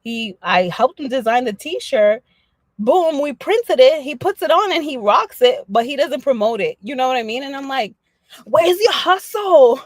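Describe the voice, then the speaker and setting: A woman chatting casually on a livestream, animated and slangy, laughing often as she talks to her viewers. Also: high voice, moderate pace, no echo. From Dominican family background. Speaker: livestream host.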